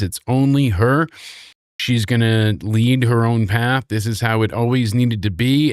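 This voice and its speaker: A man hosting a casual wrestling review chat, rambling through animated recaps and dropping quick impressions of the people he describes. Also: on the low side, no room sound, studio quality. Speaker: wrestling show reviewer, host.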